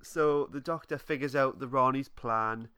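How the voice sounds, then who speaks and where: A man co-hosting a casual podcast, recapping a plot in a relaxed way and often trailing off with vague wrap-ups. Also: mid-range voice, normal speed, smooth. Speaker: podcast co-host. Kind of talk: casual fan podcast chat.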